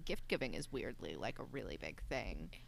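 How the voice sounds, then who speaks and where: A young woman co-hosting a casual podcast, talking in an animated, emphatic way with many restarts. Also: rumbling low, fairly quick, creaky, a crowd in the background. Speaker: podcast co-host. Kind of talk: casual chat.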